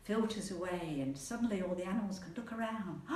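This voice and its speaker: A woman storyteller telling a folk tale aloud in a playful, animated manner, repeating words for rhythm. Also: lowish voice, brisk. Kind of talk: oral storytelling. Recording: echoey room, mic at a distance.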